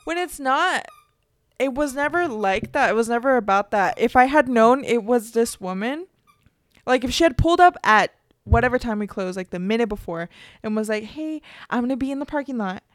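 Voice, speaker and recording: Young female co-host, brash and outspoken, a bit high-pitched, dry mic. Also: lively intonation, normal speed, no echo. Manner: blunt, combative, swears. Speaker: podcast co-host. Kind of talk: casual chat.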